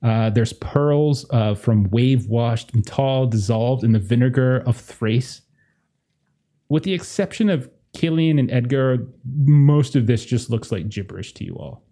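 A man narrating a tabletop horror game as game master, halting with many fillers and restarts. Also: medium pitch, mellow.

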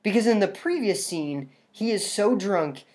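A woman's voice: medium pitch, animated, unhurried, darkish tone. A woman co-hosting a casual podcast, talking bluntly with plenty of swearing. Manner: blunt, swears a lot, acts out quoted lines. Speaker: podcast co-host. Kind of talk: casual chat.

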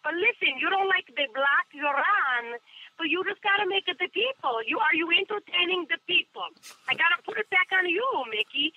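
A woman's voice: very high-pitched, lively intonation, brisk. A comedian voicing a brash, boastful female showbiz agent who talks in streetwise, clipped patter over a telephone line. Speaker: comedian doing a character.

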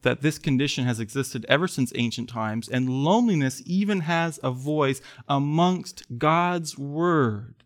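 Male pastor, sermon, earnest, slightly higher pitch, emphatic then quiet. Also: animated, measured pace, few pauses. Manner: earnest, builds to emphatic pleading then drops soft. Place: church.

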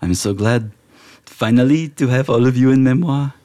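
A man voicing an excitable male gnome, the little brother, in a put-on French accent and a gushing, gasping manner. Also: mid-range voice, moderate pace, lightly acted.

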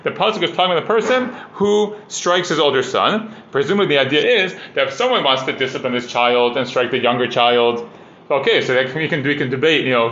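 A man's voice: mid-range voice, sharp tone, slight background noise. A man teaching a casual Talmud class. He reads Aramaic passages, explains them in plain English and fills his talk with "like" and "you know". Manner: conversational, full of "like" and "you know". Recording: dull, roomy recording.

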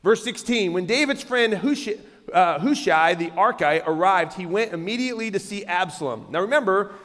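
Emphatic high-voiced male preacher. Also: lively intonation, normal speed, a bit bright, long reverb tail. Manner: emphatic, repeats words and restarts phrases. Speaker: pastor. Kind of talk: sermon. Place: church sanctuary.

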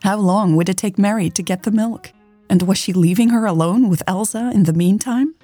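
A woman narrating a romance story in a steady, scripted way. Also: medium pitch, fairly quick, no echo, soft background music. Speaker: audiobook narrator.

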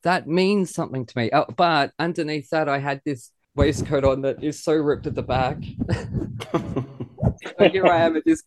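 A man's voice: fairly high pitch, normal speed, no echo. A man, hosting a podcast and talking in a gushing, emotional way. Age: 30s. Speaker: podcast host. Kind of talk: casual chat.

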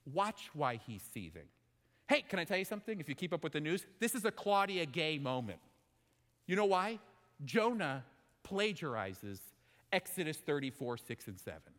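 A man preaching a sermon in an animated, emphatic way, often asking his listeners questions. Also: sits high, normal speed. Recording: long hall reverb.

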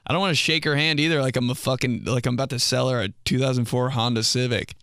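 A young male comedian rambles through a podcast monologue, cursing freely and mocking himself. He jumps into quick voices as he acts out his own lines. His voice sits at a middle pitch and sounds dry and close to the mic. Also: fairly even intonation, a bit bright, clean tone, no room sound. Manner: rambling, profane, self-mocking, acts out quotes.

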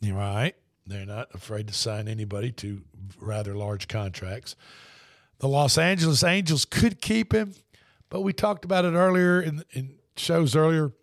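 A man's voice: mid-range voice, moderate pace, no echo, clean studio sound. A man hosting a sports radio show, telling stories in a rambling, easygoing way. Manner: rambling storyteller with restarts. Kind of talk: casual sports talk.

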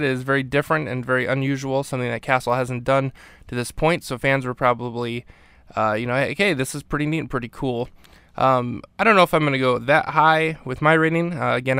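A male podcast host talks through a TV episode in a relaxed, rambling way, full of ums and uhs. His voice is smooth and clear, recorded dry and close with no room sound. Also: mid-range voice, dry recording. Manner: relaxed, rambling with many fillers. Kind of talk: casual episode recap.

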